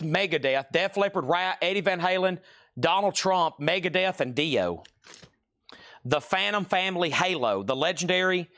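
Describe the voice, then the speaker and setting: A man's voice: fairly high pitch, fairly bright tone. A man hosting a live vinyl sale stream from a record shop, reading off titles and prices and exclaiming at rare finds. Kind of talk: live-stream sales patter.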